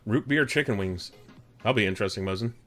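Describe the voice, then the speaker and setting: A man's voice: lowish voice, brisk, a bit bright. Chatty Texan man hosting a stream. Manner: rambling, chatty, jokey, talks to chat by name. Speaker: live-stream host. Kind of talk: casual chat with viewers. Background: background music.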